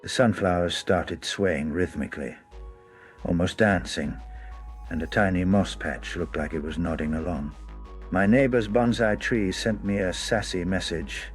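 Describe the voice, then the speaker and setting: Male storyteller, very low voice, wry scripted narration, faint music underneath. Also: moderate pace.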